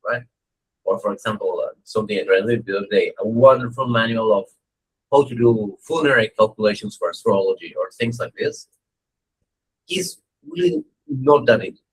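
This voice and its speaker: A dharma teacher gives a funny, chatty lecture full of stories, animated and joking, and keeps checking in with "right?". His voice sits in the mid range with a breathy edge. The audio quality is poor.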